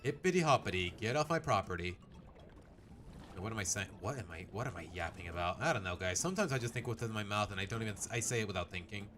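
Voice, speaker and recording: A man's voice: lowish voice, racing, few pauses, a bit bright, a little hiss or hum. A man giving let's play commentary. He rambles, thinks aloud and pokes fun at himself. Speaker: gaming streamer. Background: faint game music.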